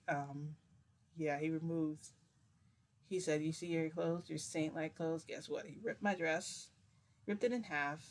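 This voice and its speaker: A woman vlogger telling a story in a rambling, giggly, confessional way, with many fillers. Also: deep voice. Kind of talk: casual storytime vlog.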